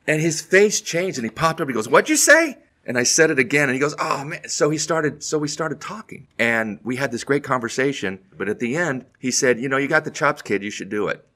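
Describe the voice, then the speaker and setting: A man's voice: mid-range voice, brisk, hardly any pauses. A middle-aged man, a comedian guest, telling a story casually and acting out the quotes as he goes. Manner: animated anecdote teller, acts out quotes.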